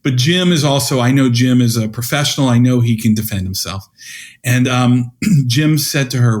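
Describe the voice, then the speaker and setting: A man's voice: mid-range voice, normal speed. A man in his fifties, a podcast guest and educator, telling stories and acting out the dialogue he quotes. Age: 50s. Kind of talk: conversational storytelling.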